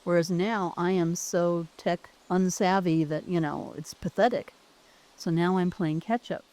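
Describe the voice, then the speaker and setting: A woman's voice: fairly low pitch, fairly even intonation, a little slow, mellow. A woman who used to teach, telling a personal story in an earnest, heartfelt way, often restarting her sentences. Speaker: former teacher.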